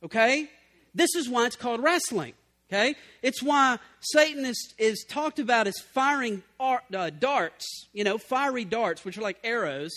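A man preaching a sermon as pastor, swinging from loud emphatic bursts to low, quiet passages. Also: lively intonation, measured pace.

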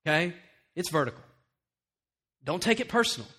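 A middle-aged male pastor preaching a sermon, telling animated stories and acting out quoted lines, then turning quiet and earnest. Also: a little high, normal speed.

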